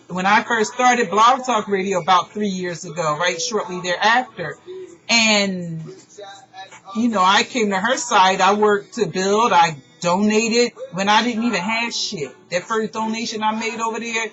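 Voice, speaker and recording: A woman pours out her frustration in a raw, profane personal monologue, talking at a middling pitch. Her voice comes through a dull, lo-fi recording with faint music underneath. She sounds like an online radio host airing grievances to her listeners. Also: fairly bright tone. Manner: emotional, profane, exasperated.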